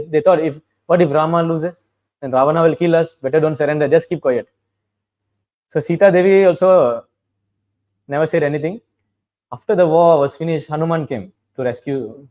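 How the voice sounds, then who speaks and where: A man's voice: a little high, darkish tone. A man giving a conversational, storytelling sermon, quoting dialogue and chanting verses, often saying "you know". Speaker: preacher.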